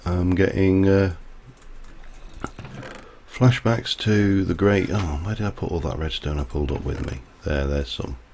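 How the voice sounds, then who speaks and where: A livestreamer with a low voice, vocal fry and a slightly mellow quality talks a little slowly, with a bit of hiss or hum in the audio. His casual gameplay chat rambles, and he digresses into side stories as he plays.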